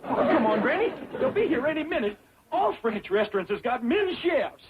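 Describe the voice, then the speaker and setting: An eager, dim-witted young hillbilly with a boastful drawl. His voice swings up and down with excitement. Loud studio laughter and hiss fill the dull old TV sound. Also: very high-pitched, normal speed, over a noisy crowd. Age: young adult.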